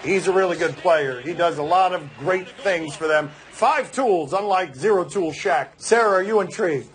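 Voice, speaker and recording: Male host, playful, joking, laughing, high voice. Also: a little hiss or hum. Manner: playful, quick jokes, laughing. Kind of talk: casual chat.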